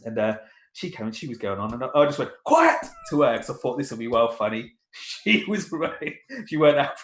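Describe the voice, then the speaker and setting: A man's voice: medium pitch, fast talker, echoey room. A man in his thirties, co-hosting a podcast and telling grumbling, chatty stories about his family. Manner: chatty storyteller, grumbling, mimics voices. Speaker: podcast co-host. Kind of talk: casual banter.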